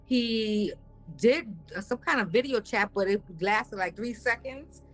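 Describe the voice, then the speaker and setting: A woman's voice: on the high side, unhurried, soft background music. A woman casually telling her own story in a conversational, hesitant, doubtful way.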